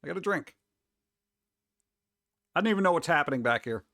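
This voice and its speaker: A man's voice: a little high, animated, fairly quick, creaky, bright, forceful tone, no echo, clean studio sound. A man streaming live, chatting casually and rambling while answering his viewers. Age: adult.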